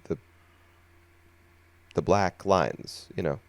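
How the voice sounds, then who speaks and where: A sleepy man co-hosting a casual podcast chat, talking things through in an unhurried, thoughtful way with plenty of fillers. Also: low-pitched, a little mellow, no room sound. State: sleepy, yawning. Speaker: podcast co-host.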